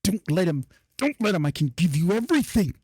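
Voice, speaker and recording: A man's voice: high-pitched, big pitch swings, fairly quick, darkish tone, slight background noise. A man doing a coaxing spirit in a cursed book. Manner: coaxing, pleading.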